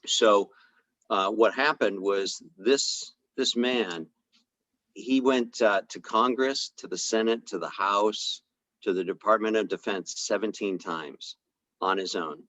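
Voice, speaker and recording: Low-voiced man telling a story. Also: slow, a bit bright, no echo, low-quality recording. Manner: conversational, retells dialogue with fillers. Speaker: chiropractor speaking on a health podcast. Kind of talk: casual storytelling talk.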